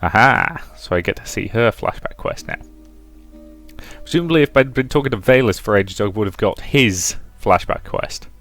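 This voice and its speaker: A man's voice: on the low side, very animated, moderate pace, gravelly, a bit bright. Man, offhand gaming asides. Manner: offhand, self-deprecating. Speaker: let's play host. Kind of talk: casual asides during a game. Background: faint game music.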